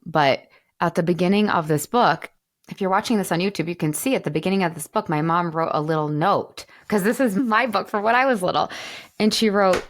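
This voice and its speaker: A woman in her thirties hosting a podcast, talking in an animated, emphatic way and at times near tears. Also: lowish voice, a little fast, no room sound, studio quality. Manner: animated, emphatic, tearful at moments. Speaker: podcast host. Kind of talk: emotional podcast monologue.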